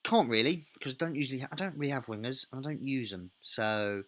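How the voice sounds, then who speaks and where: A man's voice: mid-range voice, quick pace, a bit bright. A man hosting a let's play, thinking aloud in a casual, self-correcting way while he narrates a football management game.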